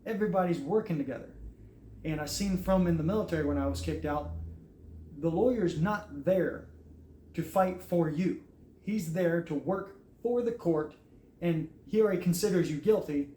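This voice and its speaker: An army veteran tells his own story casually and earnestly, acting out what other people said through quoted dialogue. His voice is slightly high and mellow at a moderate pace, recorded in an echoey room with faint noise.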